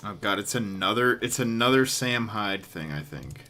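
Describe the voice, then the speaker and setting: A man's voice: fairly low pitch, lively intonation, normal speed, bright, forceful tone. A man streaming live, giving casual, dry and sarcastic commentary.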